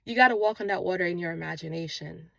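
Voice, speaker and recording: Speaking quickly in a lowish, gravelly voice with a fairly bright tone, this woman runs a manifestation channel and delivers an earnest, sermon-like motivational talk full of repetition. She's recorded outdoors on a walk, yet the sound is dry. She mentions her own non-native English accent, though where it comes from isn't stated.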